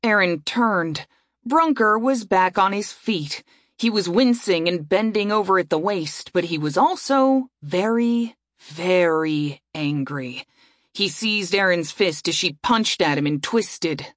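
A woman narrating a fantasy audiobook in a steady storytelling voice. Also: fairly low pitch, slow pace, no room sound, studio quality.

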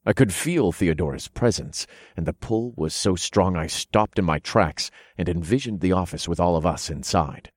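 A man narrating first-person fiction in a low, steady storytelling voice, close to the mic. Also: normal speed, hardly any pauses, dry recording. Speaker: audiobook narrator.

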